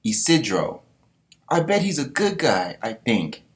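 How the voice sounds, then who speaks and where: A man's voice: huge pitch swings, a little slow. A man voicing a wide-eyed young mermaid girl in a raised voice. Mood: unsure. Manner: high, startled.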